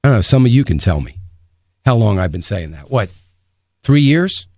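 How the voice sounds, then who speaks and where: A man's voice: lowish voice, very animated, normal speed, darkish tone, no echo. Opinionated male radio host, dry studio sound. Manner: opinionated, emphatic, rhetorical questions. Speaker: radio talk show host. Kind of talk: radio talk commentary. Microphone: studio microphone.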